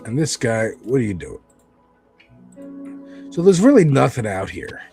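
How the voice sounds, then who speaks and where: A man's voice: mid-range voice, very animated, a little slow, a little mellow, faint music behind. A man streaming a video game, giving loose, rambling commentary with casual swearing.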